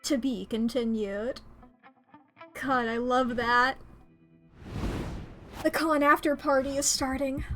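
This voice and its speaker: A woman streamer reading a dating game's text aloud, excitable and quick to squeal and gasp between lines. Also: sits high, faint music behind.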